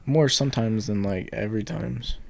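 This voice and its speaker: A young man as a podcast guest, trading joking, deadpan one-liners in casual chat. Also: on the low side, normal speed, creaky.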